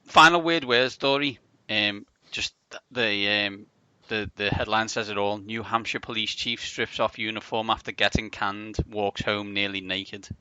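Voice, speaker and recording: A man hosts a casual podcast with a very bright, crisp voice. He jokes, laughs often and reads odd news stories aloud with playful asides. The sound is dry and close. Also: lowish voice, fairly even intonation, moderate pace, no room sound, muffled recording. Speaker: podcast host.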